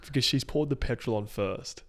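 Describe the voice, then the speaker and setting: A man's voice: medium pitch, normal speed, a bit bright, a little hiss or hum. A male podcast co-host, joking crudely in a whispered role-play in a hotel room.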